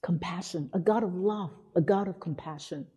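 A woman's voice: on the low side, moderate pace, slightly rough. A woman preacher giving a sermon, telling stories and acting out the people she quotes. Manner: animated storytelling, acting out quotes. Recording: hall reverb.

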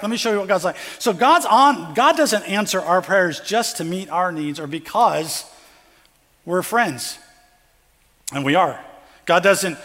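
A man's voice: sits high, fairly bright tone. A pastor preaching a conversational sermon, acting out the parable's characters as he goes. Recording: long hall reverb.

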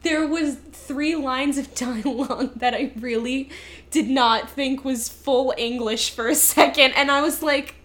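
Animated high-voiced woman, casual chat. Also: measured pace. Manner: animated storytelling, acting out lines with laughs. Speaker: podcast co-host reviewing a movie.

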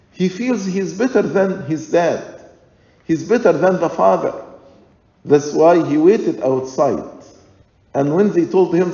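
Man preaching, slow and deliberate, dark mellow tone, long church reverb. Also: on the high side, creaky. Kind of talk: sermon. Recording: echoey church hall, dull lo-fi sound.

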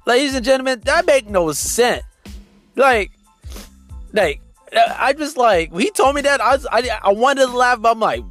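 A man's voice: extremely high pitch, lively intonation, normal speed, a bit bright, faint music behind. A man hosting a podcast, telling a story in a casual, indignant rant and addressing his listeners directly. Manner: indignant, talks straight to listeners. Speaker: podcast host.

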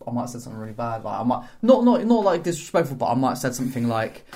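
A man chatting casually on a podcast, telling rambling stories with quick asides. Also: medium pitch, very animated, warm tone. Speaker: podcast co-host.

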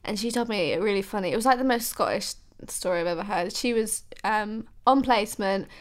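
A woman's voice: mid-range voice, a little fast. A woman on a podcast panel telling anecdotes in a bubbly, giggly way. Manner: bubbly and giggly, animated when telling stories. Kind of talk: casual chat.

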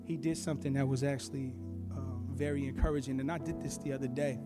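A man preaching a sermon, telling stories in an animated way with bursts of shouting. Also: mid-range voice, quick pace. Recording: long reverb with faint music.

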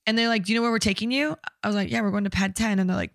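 Blunt young woman with a gravelly voice. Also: medium pitch, steady tone, very fast, no room sound, clean studio sound. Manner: candid, blunt storytelling with frequent swearing. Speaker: guest telling a personal story. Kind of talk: casual conversation.

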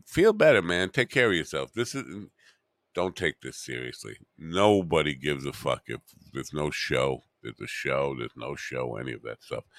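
A man's voice: low voice, a bit bright, dry recording, clean studio sound. A man hosting a podcast alone, rambling and muttering to himself with wry asides. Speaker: podcast host.

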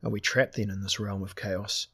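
A man's voice: on the low side, level tone, moderate pace, vocal fry, a bit bright, breathy edge, dry recording, full character voice. A man voicing a wary, gloomy young male archer who speaks earnestly.

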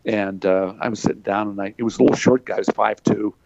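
A former wrestler from Pennsylvania, now older, shares folksy stories full of fillers as a guest in a casual interview. His voice is fairly low, creaky, and darkish, steady in tone and fast, recorded lo-fi without room sound.

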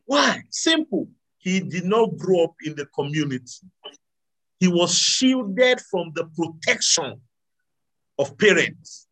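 A man preaching a sermon to a live audience, animated, swinging between loud exclamations and quiet asides. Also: sits high, slow pace, rough recording. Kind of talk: sermon with audience call-and-response.

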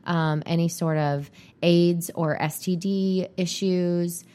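A woman co-hosts a podcast in casual chat, her voice on the low side, steady, slow and mellow. She's easygoing and agreeable, often chiming in with short replies.

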